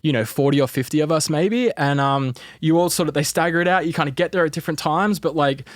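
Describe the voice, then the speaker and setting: A man's voice: a little high, fast, no echo. Rambling Australian man, dry close sound. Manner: rambling, full of fillers like "like" and "um". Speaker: entertainment reporter guest. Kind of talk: casual podcast chat.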